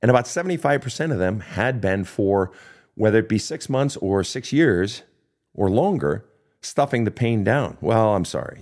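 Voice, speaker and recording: A man in his fifties coaching listeners in a recorded Q&A, blunt and heavily profane. His pitch roams widely, dropping to low, hushed stretches before leaping into high, impassioned bursts. The delivery is emphatic and preachy throughout. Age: 50s. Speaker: life coach answering listener questions. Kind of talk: recorded online Q&A monologue.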